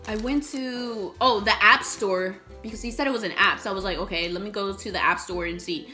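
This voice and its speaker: A young woman vlogger telling a storytime while eating, animated, swearing often and acting out the messages she got. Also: mid-range voice, brisk, faint music behind.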